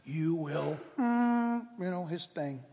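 An older man delivers a sermon in a high, wildly swinging voice. He moves between near-whispered confession and loud, passionate cries, acting out the people he quotes for laughs. The hall around him rings with a long reverb. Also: animated, takes it slowly, gravelly, dull audio, slight background noise. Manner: swings from quiet intimacy to loud impassioned calls; acts out quoted voices, jokes with the crowd. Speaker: pastor.

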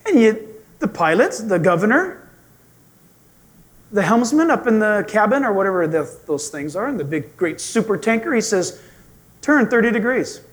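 A male pastor preaching in a church sanctuary, in a very high voice that leaps around in pitch. He tells stories with humor and animation. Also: very animated, moderate pace. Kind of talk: sermon.

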